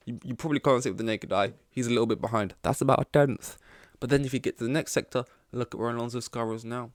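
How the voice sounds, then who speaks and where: This man hosts a podcast, talking loosely and swearing a lot amid frequent fillers. His mid-range voice holds a steady tone at a quick pace, captured in a dry, clean studio recording.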